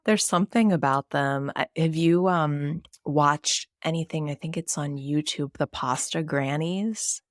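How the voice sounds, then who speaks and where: A woman from New Jersey, a writer, chatting casually as a podcast guest in a relaxed, talky way. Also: deep voice, unhurried, few pauses, no room sound, clean studio sound. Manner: chatty, relaxed, many "you know"s.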